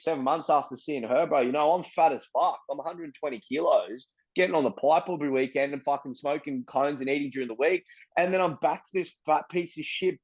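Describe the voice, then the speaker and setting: A man's voice: fairly high pitch, husky, dull audio. An Australian man telling his story bluntly and candidly, swearing often and filling in with "bro" and "you know what I mean". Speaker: interviewee.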